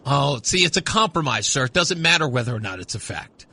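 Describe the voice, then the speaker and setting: A man's voice: medium pitch, big pitch swings, brisk, gravelly, bright, forceful tone, a little hiss or hum. A man hosting a call-in radio talk show, arguing insistently with a caller and repeating his points. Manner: insistent, argumentative, repeats himself. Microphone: studio mic.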